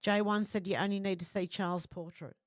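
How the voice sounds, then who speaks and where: A woman's voice: mid-range voice, fairly even intonation, brisk, dry recording. An Australian woman hosts a casual livestream and reads her viewers' comments aloud in a mid-range voice. She answers them in a blunt, opinionated way. The sound is dry and close, with no room around it. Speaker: livestream host.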